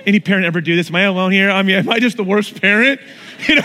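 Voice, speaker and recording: A middle-aged male pastor delivering a sermon in a high, bright-pitched voice. His storytelling is animated, leaping upward in pitch as he acts out moments. A long hall reverb trails behind his words. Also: rapid-fire.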